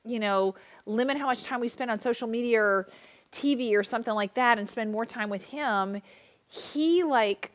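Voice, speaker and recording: A woman host chats enthusiastically, words tumbling out with plenty of fillers. Her voice sits a little high. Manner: enthusiastic, quick with many fillers. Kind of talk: casual interview chat.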